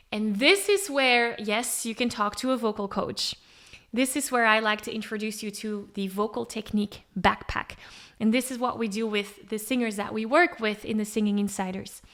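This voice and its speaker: Woman, vocal coach, podcast lesson, somewhat high pitch, lively, acts out examples. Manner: animated, acts out a singer thinking aloud. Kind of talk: podcast teaching monologue.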